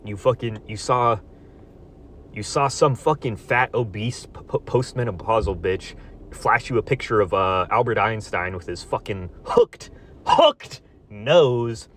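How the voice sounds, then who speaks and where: Man ranting, loud bursts and mutters. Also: lively intonation, a little slow. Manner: swings between loud outbursts and low muttered asides. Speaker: vlogger. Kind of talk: profane solo rant to camera.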